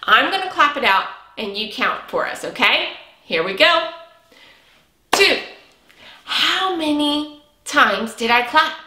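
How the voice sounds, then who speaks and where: A woman teaching a preschool reading lesson, speaking cheerfully with drawn-out words and lots of praise. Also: high voice, lively intonation, sharp tone. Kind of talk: slow, sing-song lesson for young children. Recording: echoey room.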